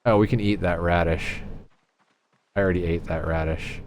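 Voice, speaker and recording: A man's voice: low voice, steady tone, moderate pace, darkish tone. A man in his thirties streaming a game, telling a rambling story with lots of laughs and fillers. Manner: rambling, laughing, acts out friends' voices. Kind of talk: casual storytelling while gaming.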